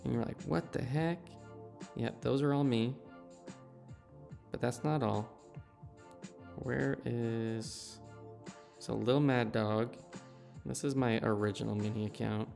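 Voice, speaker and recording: A man's voice: mid-range voice, steady tone, slow pace, vocal fry, pauses often, a little mellow, faint music behind. A man in his thirties chatting casually on a game live stream, telling a story and laughing at himself. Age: 30s.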